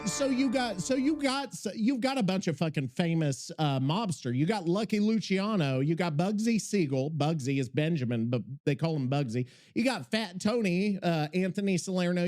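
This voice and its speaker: Guy hosting a podcast, high voice that jumps all over, swears nonstop and rambles. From Missouri. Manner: excitable, rambling, heavy swearing. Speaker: podcast host. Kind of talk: casual podcast chat.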